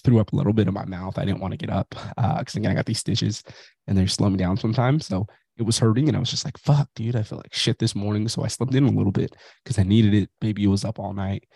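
A fairly low, dark, slightly rough male voice with vocal fry comes through on a dry recording, fast-paced and fairly even in intonation. The speaker, a man in his thirties hosting a podcast, has a migraine and gives a blunt, profane, self-reflective casual motivational monologue.

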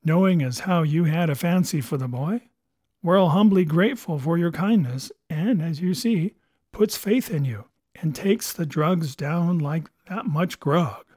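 A man's voice: a little high, measured pace, a little mellow, no echo. A man voicing a shrewd, wheedling pirate cook who speaks in a folksy sailor's dialect. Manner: folksy sailor's dialect, coaxing then roaring.

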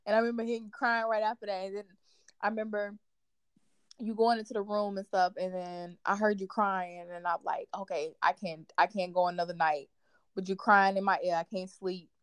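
A young woman hosting a relaxed conversation, rambling and animated, with lots of "like" as she tells a story. Her voice sits at an ordinary middle pitch. The sound is dry and close, with no room around it. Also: moderate pace, smooth, dry recording. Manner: animated storyteller, fills talk with "like". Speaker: podcast host. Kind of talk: casual chat.

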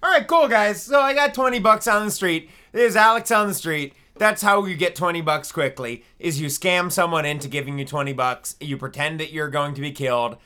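A man's voice: a little high, normal speed, few pauses, bright, forceful tone, clear, resonant tone. A man co-hosting a comedy podcast, blunt and jokey, swearing freely in improvised bits. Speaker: podcast co-host.

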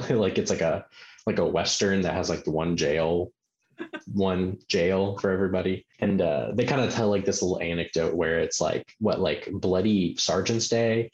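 A man's voice: sits low, normal speed, a little mellow. A man co-hosting a podcast, casually talking through a film and filling his sentences with "like". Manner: rambling, heavy use of filler "like". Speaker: podcast co-host. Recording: roomy, muffled, faint hiss.

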